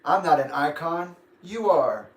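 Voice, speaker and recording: A man's voice: a little high, expressive, unhurried. A young man hosting a casual livestream, rambling and grumpy, laughing often. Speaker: livestream host. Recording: echoey room.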